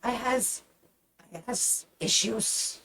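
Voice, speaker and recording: A woman voicing an excitable, hot-tempered little goblin girl who speaks in broken grammar. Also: slow, a little hiss or hum. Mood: eager. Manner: shrill shouting, broken grammar.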